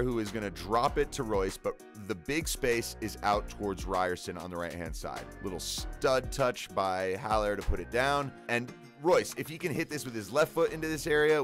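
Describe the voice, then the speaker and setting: Low-voiced man breaking down football tactics. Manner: conversational, explanatory, animated at key moments. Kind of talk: voice-over match breakdown.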